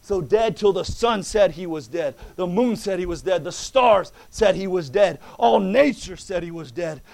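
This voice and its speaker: A male preacher delivering a sermon, moving from quiet talk into fervent preaching. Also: high-pitched, animated, moderate pace, gravelly.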